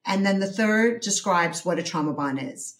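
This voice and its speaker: A woman therapist and author being interviewed, explaining her ideas in a measured way with some hesitations. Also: mid-range voice, lively intonation. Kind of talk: interview conversation.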